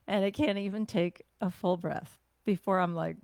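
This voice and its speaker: A woman teaching a guided self-care breathing class, talking gently and conversationally with sighs and slow exhales. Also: lowish voice, no room sound, studio quality.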